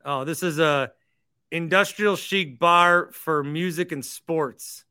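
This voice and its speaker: A man's voice: fairly high pitch, slow, bright, forceful tone, smooth. A man hosting a call-in podcast, chatting casually and teasing his callers. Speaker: podcast host.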